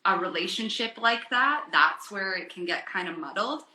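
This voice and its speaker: A woman's voice: medium pitch, lively intonation, normal speed, pushed and bright. A woman hosting a casual interview chat, empathetic as she listens and responds. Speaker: host. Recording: echoey room.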